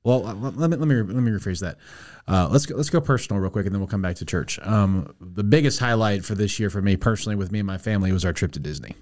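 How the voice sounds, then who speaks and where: Enthusiastic man with a lowish voice. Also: fast, few pauses. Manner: warm, enthusiastic, stumbles and restarts often. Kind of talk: casual chat.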